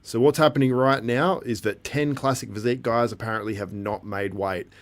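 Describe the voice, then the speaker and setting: A man's voice: medium pitch, steady tone, fairly quick. A man hosting a casual live stream, chatting with viewers and reacting to events as they happen. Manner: chatty, reacting to the live feed and chat, laughs often. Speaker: livestream host.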